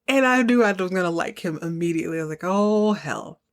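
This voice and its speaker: A woman hosts a podcast and recaps a TV episode as a comic story. She talks in an animated, chatty way and laughs often. Her voice sits somewhat low. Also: racing. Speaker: podcast host.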